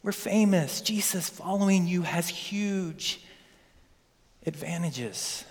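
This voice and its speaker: A preacher voicing an excitable, fame-hungry male disciple who brags and pleads in a raised voice. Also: takes it slowly. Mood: hushed pleading. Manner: high, breathless bragging and pleading. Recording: long hall reverb.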